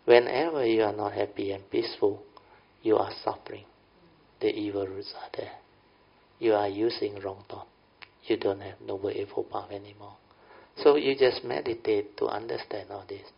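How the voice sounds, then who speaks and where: A man's voice: on the low side, steady tone, moderate pace, creaky, slightly rough. A middle-aged man with a Malaysian English accent giving a folksy Buddhist Dhamma talk. He keeps checking in with his listeners by asking whether they understand. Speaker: Buddhist teacher. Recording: dull lo-fi recording.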